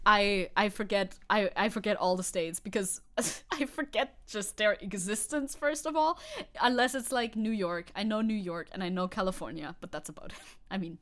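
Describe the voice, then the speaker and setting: A woman's voice: mid-range voice, normal speed, a bit bright. A young woman streamer chatting casually over news clips, rambling and swearing, laughing often and restarting her sentences. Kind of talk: casual live-stream chat.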